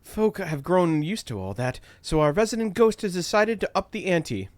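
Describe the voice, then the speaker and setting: A man's voice: high voice, very animated, moderate pace, no room sound, voice pushed up. A man voicing a playful young woman crew member, reading her lines in an attempted Caribbean accent that slides toward British. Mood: playful teasing. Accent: attempted Caribbean, slipping toward British. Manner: reading a game script aloud with asides.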